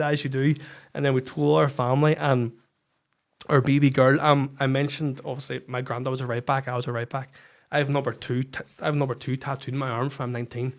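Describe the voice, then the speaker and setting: A Northern Irish man sits in as a podcast guest and tells his life story in a frank, unfiltered way, swearing freely. His voice sits at an ordinary middle pitch for a man. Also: flat delivery, fast. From Northern Ireland. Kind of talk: personal storytelling in a podcast interview.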